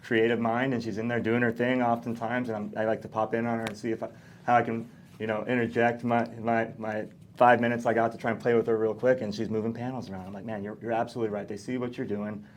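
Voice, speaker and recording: A man hosting a casual podcast conversation, speaking earnestly and backing up his guest with steady agreement. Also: mid-range voice, fast talker, a little hiss or hum. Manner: earnest, frequent affirming interjections. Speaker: podcast host.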